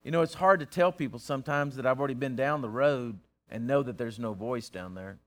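A man preaching a sermon, folksy and teasing, swinging from loud to hushed. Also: mid-range voice, brisk. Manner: plain-spoken, folksy, teasing.

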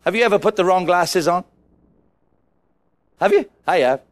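Animated male preacher, higher voice. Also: moderate pace. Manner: animated, asks the congregation questions. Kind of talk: sermon. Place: church with a congregation.

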